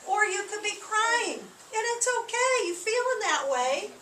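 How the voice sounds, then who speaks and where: A high, bright-voiced woman teaching a class of small children, acting out each feeling with big swings in her voice. She is caught from far off in a roomy, echoing hall. A faint hum sits behind her. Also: big pitch swings, a little slow. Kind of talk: classroom lesson to young children. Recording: echoey room recorded from a distance.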